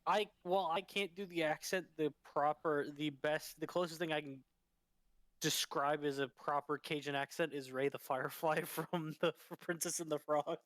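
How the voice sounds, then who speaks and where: Matter-of-fact young man, slightly high. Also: fairly even intonation, moderate pace, fairly bright tone, no room sound. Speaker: podcast co-host. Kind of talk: casual chat.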